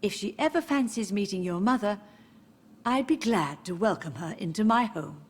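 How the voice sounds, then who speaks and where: A woman's voice: mid-range voice, lively intonation, moderate pace, slightly rough. An actress voicing a frail, confused older mother in a video game, wistful and drifting as she talks. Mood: gentle.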